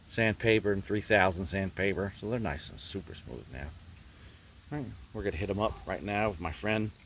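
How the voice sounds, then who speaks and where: An older man from Philadelphia narrates his guitar repair work in a lowish voice, with a slight hiss or hum in the recording. His casual workshop talk is joking and rambling, with lines often tagged with "man."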